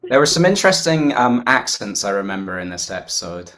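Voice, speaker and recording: A man's voice: on the low side, sing-song, fairly quick, fairly bright tone. A British man, an actor, chatting on a commentary track, laughing often and restarting his sentences. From Britain. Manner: chatty, laughing, self-interrupting. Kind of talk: casual commentary chat.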